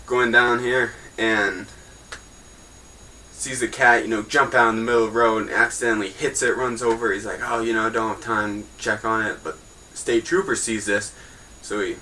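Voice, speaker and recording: Bright-voiced young man joking through news. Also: lowish voice, flat delivery, moderate pace, slight background noise, rough recording. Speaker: host of a homemade news show. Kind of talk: casual mock newscast.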